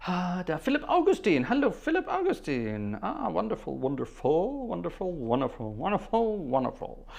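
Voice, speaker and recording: A fairly high-voiced man hosting a live organ concert stream, welcoming viewers by name in an easy, rambling way. His pitch leaps about expressively, and he hums little tunes to himself between greetings. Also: huge pitch swings, moderate pace, gravelly, hardly any pauses, a little mellow. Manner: chatty, humming and trailing off between greetings. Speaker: livestream organ concert host. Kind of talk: casual livestream chat greeting viewers. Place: at the organ console.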